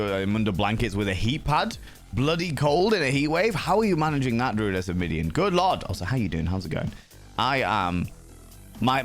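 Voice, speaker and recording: A man hosting a livestream, chatting casually with viewers in a playful, cheeky way with some swearing. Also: lowish voice. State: sleepy. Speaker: livestream host.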